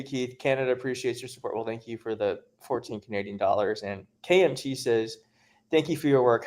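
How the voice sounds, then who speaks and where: A man hosting a casual livestream from home, chatting and reading viewer comments aloud, laughing often. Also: medium pitch. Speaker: livestream host.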